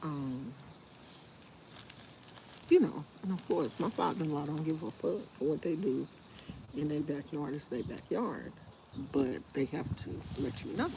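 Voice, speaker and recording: A woman talks to her livestream viewers from her backyard, wistful and rambling, taking her time over every thought. Her unhurried voice comes through a handheld phone held outdoors, with a faint wash of open-air noise behind her. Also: low-pitched, expressive. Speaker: livestream host. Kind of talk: casual live chat.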